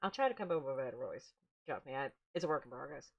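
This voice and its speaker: A woman streaming a game playthrough, making casual, joking asides in a quieter voice than the characters she reads. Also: extremely low pitch, animated, rapid-fire, gravelly, muffled recording, noisy background. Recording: game music behind. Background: game music.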